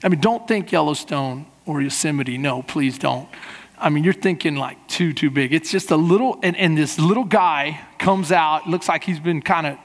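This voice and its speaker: A man preaching as a pastor, telling a funny travel story in a lively way and acting out the people in it. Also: a little high, moderate pace. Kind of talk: sermon with a humorous travel story. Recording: long hall reverb in a church.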